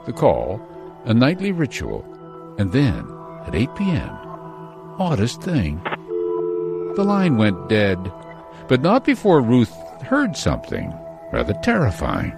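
A man narrating a news story in a dramatic, measured way. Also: medium pitch, huge pitch swings, vocal fry. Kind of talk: scripted narration. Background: music.

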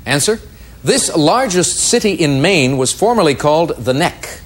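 A man hosting a quiz show, reading out clues crisply and giving brief verdicts. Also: on the high side, big pitch swings, a little slow.

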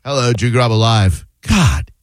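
A man's voice: mid-range voice, lively intonation, moderate pace, no echo. A man in his fifties hosting a call-in radio show, teasing and joking with callers and rambling through restarts. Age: 50s. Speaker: radio host. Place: radio studio. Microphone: close studio microphone.

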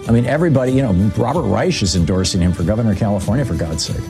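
A man's voice: rapid-fire, over music. A man hosting a radio talk show, giving political commentary and telling anecdotes in a loose conversational way, full of fillers and restarts. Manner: conversational, many "you know" fillers and restarts; lively storyteller, jumps pitch for emphasis.

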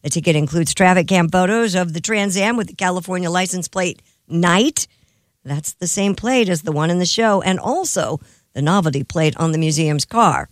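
A woman's voice: fairly low pitch, normal speed, dry recording, clean studio sound. A woman reading an entertainment news segment on a radio show, slipping in wry asides.

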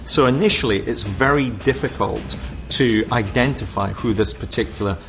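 A man with a gravelly, creaky edge to his voice, walking through a case in a documentary interview. He speaks at a middle pitch and lays out his reasoning point by point, weighing possibilities aloud. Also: fairly bright tone, soft background music. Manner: analytical, measured, thinks aloud. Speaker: expert interviewee.

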